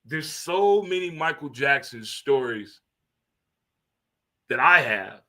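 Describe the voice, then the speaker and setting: A man, hosting a casual talk show in an animated, swearing, preacher-like monologue. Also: medium pitch, slow. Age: 50s. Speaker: host. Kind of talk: casual radio-style monologue.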